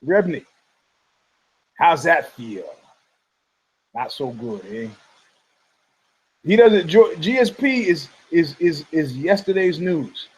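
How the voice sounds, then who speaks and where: A man's voice: on the high side, big pitch swings, slow pace, long pauses, husky, rough recording. A male podcast host giving rambling, combative commentary, profane and heated, often stumbling over restarts.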